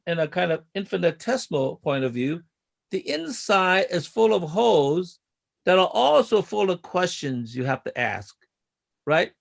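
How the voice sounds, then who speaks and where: A man's voice: high voice, gravelly, fairly bright tone. A man in a study group telling a rambling story, chuckling at his own points. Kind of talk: casual group discussion.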